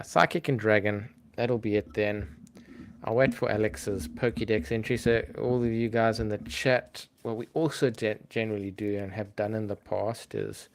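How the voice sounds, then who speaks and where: A man hosting a casual livestream, talking to his chat in a relaxed, chatty way with frequent ums. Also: on the low side. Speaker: livestream host.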